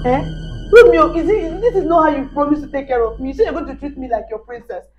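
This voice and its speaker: A woman's voice: sits high, quick pace, dull audio, faint music behind, close to an everyday voice. A woman with a Nigerian accent playing a frustrated pregnant wife in a comedy skit, scolding and pleading with frequent "Eh?" tags. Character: frustrated pregnant young wife, insistent and emotional.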